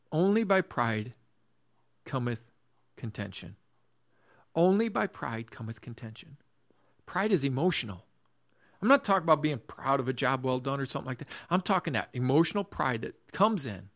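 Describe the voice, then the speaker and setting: A man's voice: on the high side, fairly bright tone. A man preaching a sermon in earnest, repeating his phrases, restarting sentences and reading scripture aloud. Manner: reads scripture in old-fashioned phrasing. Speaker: pastor.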